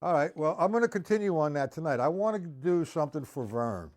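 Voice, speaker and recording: A man teaching a live-streamed drum lesson, patiently explaining and counting rhythms out loud, with faint drumming behind him. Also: fairly high pitch, lively intonation, fairly quick.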